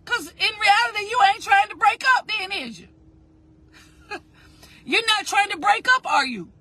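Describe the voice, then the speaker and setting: A woman's voice: very high-pitched, lively intonation, measured pace, pauses often, pushed and bright, no room sound. A woman giving a motivational talk, repeating phrases with emphasis in a preaching cadence and asking listeners to say lines with her. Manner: addresses listeners directly and asks them to repeat. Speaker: motivational speaker.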